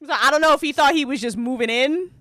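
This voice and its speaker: A woman's voice: high-pitched, fast talker, bright, forceful tone, no room sound, studio quality. A woman hosting a casual livestream, reading game events aloud and reacting with frequent laughter and swearing.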